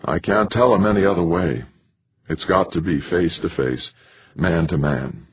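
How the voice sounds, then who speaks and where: A man's voice: deep voice, sing-song, unhurried, breathy edge, no room sound, pitched above the performer's own voice, heavily acted. A man voicing a determined, dry-witted husband in an audiobook, speaking in clipped, tight lines. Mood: terse. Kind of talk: audiobook character reading. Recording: dull lo-fi recording.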